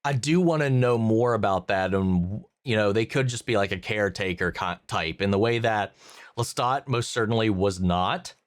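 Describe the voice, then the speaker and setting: A man's voice: fairly low pitch, normal speed, no room sound, clean studio sound. A man hosting a reaction channel, thinking aloud about a series episode in a casual review with many fillers and restarts.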